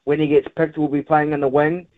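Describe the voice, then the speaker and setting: A male caller talks rugby over a thin, phone-like line. His voice sits slightly high and stays flat. He hesitates often, filling gaps with ums and uhs. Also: fairly quick. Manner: hesitant, many fillers. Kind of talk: phone-in sports chat.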